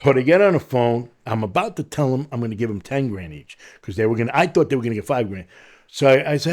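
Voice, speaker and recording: Talking fast at a medium pitch, a middle-aged New Yorker from Long Island shares his story in a podcast interview. He animatedly performs the voices of the people in the tale.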